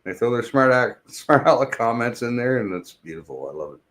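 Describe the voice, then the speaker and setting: A middle-aged man chats casually with his live-stream audience, rambling from one joke to the next and swearing plenty. His middle-pitched voice is expressive, fairly quick and fairly bright.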